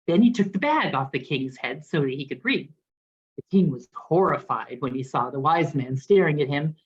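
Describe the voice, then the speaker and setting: Animated woman minister telling a story. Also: deep voice, normal speed, husky, dull audio. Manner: expressive storyteller, lively voicing of characters. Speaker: guest minister. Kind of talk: sermon storytelling.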